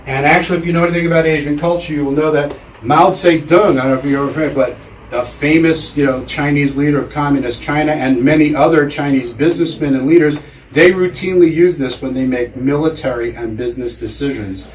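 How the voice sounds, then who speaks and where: A man with a fairly high voice delivers a loose, chatty lecture to a live audience, often pausing to have them repeat words back. He sounds distant from the mic in an echoey room, with faint ambient hiss behind him. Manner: chatty, with many fillers and audience drills. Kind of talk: casual public lecture.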